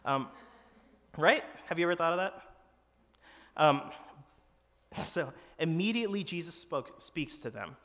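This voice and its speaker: A man's voice: a little high, lively intonation, unhurried, long pauses, fairly bright tone. A man preaching a sermon in an earnest, conversational way, acting out quoted lines with some drama. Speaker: pastor. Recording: long hall reverb.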